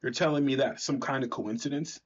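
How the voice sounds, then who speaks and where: On a slightly dull recording, a man voices a gruff, blunt veteran winged hero who talks down to a newcomer in a curt, lecturing way. His voice is mid-range and a little fast, with light acting.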